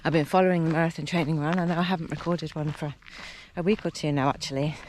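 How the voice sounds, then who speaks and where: A woman's voice: low-pitched, steady tone, quick pace, darkish tone, slight background noise. A woman in her fifties, chatty and casual, vlogging outdoors by a lake and talking to a handheld camera while out on a training run, at times out of breath. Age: 50s. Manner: chatty, talks between breaths while running. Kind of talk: casual vlog while out running. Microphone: handheld camera while running.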